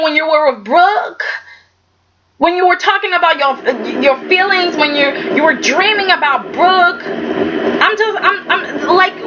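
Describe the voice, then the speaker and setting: A high-pitched woman giving a chatty, opinionated recap in a sassy, blunt way. She argues with the characters as if they could hear her. The recording is dull and lo-fi, with a steady hiss of noise behind her. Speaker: soap opera reviewer. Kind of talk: casual recap and commentary.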